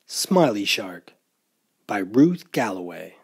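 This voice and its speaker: A man reading a children's picture book aloud at a library storytime, in an expressive, playful storyteller voice. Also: fairly low pitch, slow, breathy edge.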